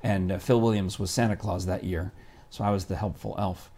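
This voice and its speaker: A man's voice: deep voice, fairly even intonation, a little fast, dark tone. A male co-host chatting casually on a live show. He rambles, backs up and restarts his sentences as he talks.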